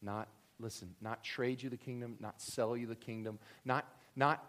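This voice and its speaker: A man preaching a sermon, animated and humorous, swinging between loud excited bursts and hushed, quiet emphasis. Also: medium pitch, normal speed, few pauses. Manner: humorous storytelling asides. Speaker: pastor.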